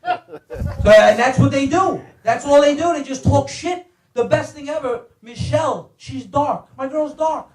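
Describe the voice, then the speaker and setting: A man telling foul-mouthed family stories in an animated stand-up style, acting out everyone's voices. His voice sits high for a man, and the sound is roomy. The mic is well away from him. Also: a little slow, recorded from a distance. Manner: profane, animated, acts out voices. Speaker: comedian guest telling stories. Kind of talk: stand-up storytelling.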